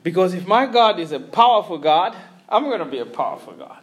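Casting: male preacher, very high voice, sermon storytelling, chuckling. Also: brisk. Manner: animated storytelling with frequent chuckles and restarts.

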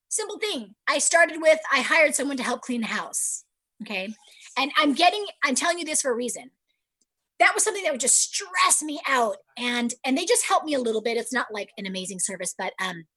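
Woman, thirties, husky, higher voice; earnest personal talk with lively acted-out quotes. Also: rough recording. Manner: earnest, animated, acts out her own quotes.

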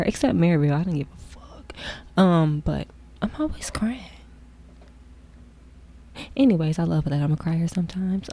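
Candid young woman telling a story. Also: lowish voice. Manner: candid, animated, drifting into soft whispered asides. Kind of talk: casual storytelling.

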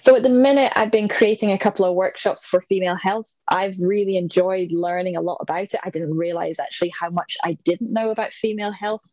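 A woman in her thirties chats easily as a podcast guest, laughing often. Her voice sits at a middle pitch. The sound is slightly dull and dry, with no room around it. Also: steady tone, fairly quick, few pauses, a little mellow, no echo. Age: 30s. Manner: chatty, laughs often, acts out her dog's thoughts. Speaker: interview guest, swimmer. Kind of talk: casual interview chat.

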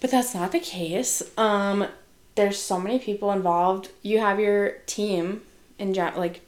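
A young woman from Wisconsin talks in a relaxed, chatty way as she co-hosts a podcast. She is frank and laughs easily. Her voice sits at a middle pitch. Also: measured pace. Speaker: podcast host, social worker. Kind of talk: casual podcast chat.

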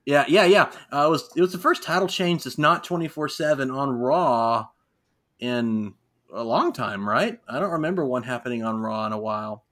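Man, thirties, co-host, casual wrestling talk, rambling, bright tone. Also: mid-range voice, moderate pace. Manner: animated, rambling with fillers. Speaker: podcast co-host.

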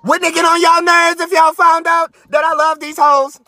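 A man hosting a live stream, ranting in a profane, mocking way from his car and sometimes breaking into shouts. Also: very high voice, little pitch movement, moderate pace. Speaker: podcast host.

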